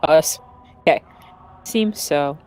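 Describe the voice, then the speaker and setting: A woman co-hosting a let's play, bantering and tossing in quick joking asides. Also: low-pitched, a little mellow. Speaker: co-host, gaming partner. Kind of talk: casual game commentary.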